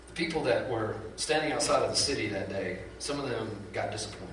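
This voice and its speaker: Echoey, bright-voiced pastor preaching. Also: male voice, fairly low pitch, a little fast, a little hiss or hum. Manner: animated, conversational storytelling with lots of asides. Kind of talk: sermon. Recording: very echoey hall from far off.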